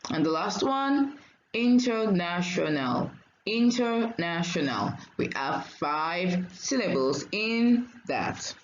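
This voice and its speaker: A woman teacher giving a diction lesson, saying each word slowly and clearly and repeating it for learners. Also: lowish voice, sing-song, reverberant, highs cut off, slight background noise.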